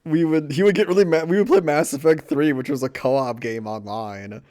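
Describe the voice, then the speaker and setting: A man co-hosting a podcast in casual chat, rambling through stories, laughing often and trailing off quietly. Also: fairly high pitch, fairly quick. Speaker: podcast co-host.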